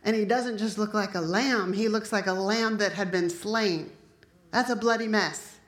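A woman's voice: medium pitch, moderate pace. A woman preaching a sermon in a chatty, conversational way, dropping joking asides to her congregation. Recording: echoey room.

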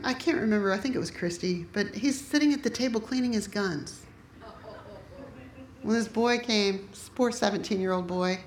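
Animated woman preaching in echoey room. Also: fairly high pitch, a little hiss or hum. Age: middle-aged. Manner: animated storyteller, acts out quotes. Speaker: pastor's wife preaching. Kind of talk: sermon with personal stories.

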